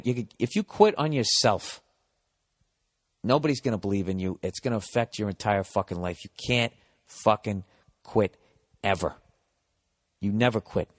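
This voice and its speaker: A man's voice: lowish voice, in a large hall. A man in his forties with a Boston accent, a comedian hosting a podcast who gives advice in a rambling, profane, blunt way that turns encouraging. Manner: profane, blunt, mock-harsh then encouraging. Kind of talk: rambling comic advice monologue.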